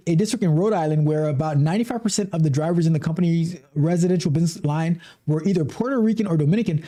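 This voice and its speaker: Guy on a stream reading an article out loud, warm mellow voice, keeps tripping over words and jumping in with comments. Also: sits high. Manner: animated asides, frequent restarts and repeated words. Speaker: livestream host.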